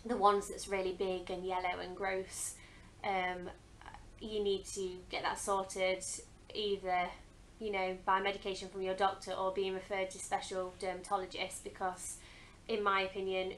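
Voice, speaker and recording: A woman's voice: mid-range voice, little pitch movement, unhurried, a bit bright, slight background noise, rough recording. A young woman talking casually to camera as a vlogger, chatty and earnest, with frequent hesitant ums. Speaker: beauty vlogger. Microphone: camera mic.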